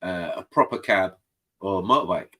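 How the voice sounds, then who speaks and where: A man's voice: deep voice, normal speed. A man from England, telling stories in casual chat and acting out the voices of people in them. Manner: animated, acts out voices in his stories. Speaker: guest on a panel stream.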